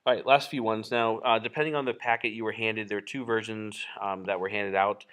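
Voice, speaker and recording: A man's voice: fairly low pitch, fairly even intonation, a little fast, fairly bright tone, clear, resonant tone. A man teaching a geometry lesson while drawing, in a casual, explanatory way with frequent fillers and self-corrections. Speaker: math teacher.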